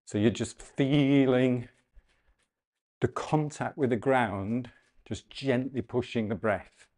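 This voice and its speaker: A man instructs a breathing and mobility class in a calm, gentle manner. He talks through each breath and often slows down to repeat a cue softly. His voice sits at an ordinary middle pitch. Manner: calm, gentle cueing with slowed repeated phrases. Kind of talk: guided exercise class instruction.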